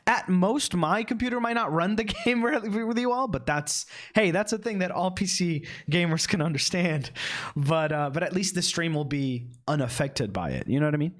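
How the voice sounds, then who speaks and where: A man's voice: high voice, normal speed, a bit bright. Laughing, chatty young man. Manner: laid-back, laughing, chatty. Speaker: streamer and podcast co-host. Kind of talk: casual chat.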